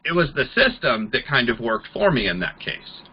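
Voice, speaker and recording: A man giving a network marketing training talk, an animated storyteller who acts out the people he quotes. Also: mid-range voice, moderate pace, husky, highs cut off.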